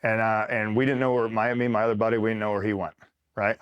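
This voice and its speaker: On a lo-fi recording, an interview guest who is a retired Marine from upstate New York speaks quickly in a low, clear, resonant voice with flat delivery. His war-buddy story rambles, he curses freely, and he checks in with the listener often.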